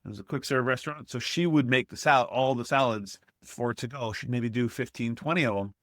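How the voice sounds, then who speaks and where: Speaking a little fast in a mid-range voice, this man is a restaurant consultant appearing on a podcast. He tells stories conversationally and animatedly, performing the voices of people he quotes, and the studio recording is clean with no room sound.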